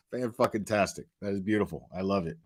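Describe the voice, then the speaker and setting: A man's voice: on the low side, husky. An American man hosting a livestream commentary, ranting crudely with lots of profanity and reading out super chats. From United States. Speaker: commentary channel host.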